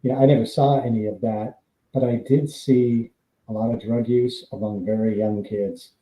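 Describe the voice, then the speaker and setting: Casual live-stream storytelling from a man who used to do stunt doubling: rambling anecdotes with fillers and laughs between lines. His mid-range voice has a dark tone and steady delivery at a moderate pace. The low-quality recording was made in an echoey room.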